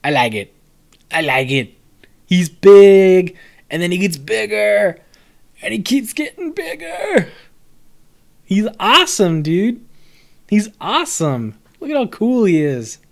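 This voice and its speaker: Animated young man reviewing cards on a live stream. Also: high-pitched, takes it slowly, vocal fry, pauses often. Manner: animated, swearing, laughing, answers chat. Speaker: streamer reviewing a card set. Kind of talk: casual live-stream commentary.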